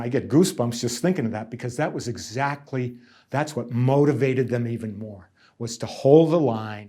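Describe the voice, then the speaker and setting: In an interview, a middle-aged nursing union negotiator from central Massachusetts answers questions and tells reflective stories. His middle-pitched voice is a little mellow, and he speaks emphatically, repeats himself, and takes on the voices of the people he describes.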